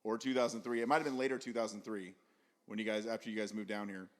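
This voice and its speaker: A man's voice: lowish voice, flat delivery, fast. A man hosting a casual podcast at a house party, laid-back, laughing often and swearing casually. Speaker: podcast host.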